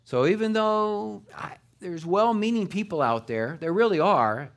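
A man's voice: high-pitched, animated, measured pace, creaky. A middle-aged man preaching a sermon to his congregation in a conversational way, with rising and falling emphasis. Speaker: pastor.

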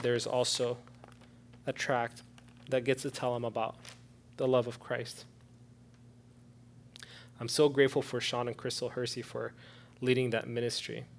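A man preaching as a pastor, earnestly urging and then leading a prayer, moving from soft, low prayer to loud pleading. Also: gravelly. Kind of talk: sermon with altar-call prayer.

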